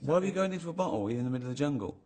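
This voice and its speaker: A male host who teases his guest with incredulous questions. His voice is fairly high and swings widely in pitch. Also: lively intonation, racing, a little mellow. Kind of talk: casual chat.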